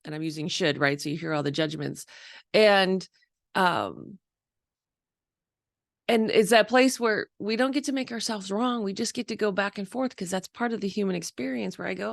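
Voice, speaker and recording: A woman's voice: mid-range voice, normal speed, gravelly, dry recording, clean studio sound. A woman around fifty hosting a candid personal monologue, chatty and open, often laughing and quoting her own thoughts, over a video call. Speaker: host.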